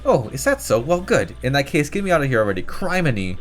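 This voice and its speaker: A man voices a cranky old tribal elder woman from a video game. She barks orders and lectures the young with no patience at all. Quiet game music hums behind her. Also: mid-range voice, sing-song, fast, pitched above the performer's own voice, close to an everyday voice. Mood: grumpy. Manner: barking, scolding, impatient.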